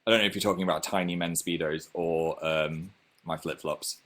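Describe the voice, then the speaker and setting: A man's voice: sits low, fairly even intonation, fairly quick, a bit bright. A young man with a Northern English accent, casually chatting on his own livestream and reading out viewer comments in a chatty, self-mocking way. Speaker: livestream host.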